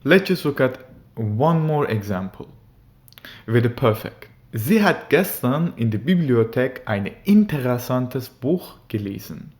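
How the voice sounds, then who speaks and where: A man teaching grammar, explaining sentence structure step by step and reading out example sentences slowly and carefully. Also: medium pitch, big pitch swings, a little mellow. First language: German. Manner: slow, deliberate, reads German examples carefully. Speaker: language teacher.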